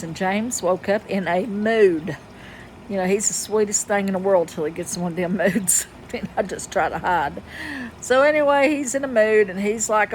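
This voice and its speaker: A woman's voice: medium pitch, a little hiss or hum, rough recording. A woman telling a story in a folksy, chatty way, laughing often, then moving into reflective life advice. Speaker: vlogger. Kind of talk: casual storytelling monologue.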